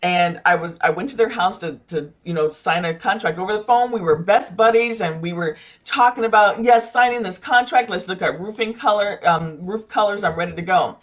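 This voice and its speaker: A woman's voice: mid-range voice, normal speed, hardly any pauses, highs cut off. A woman who runs a roofing business, telling a personal story candidly in a panel discussion, with frequent fillers.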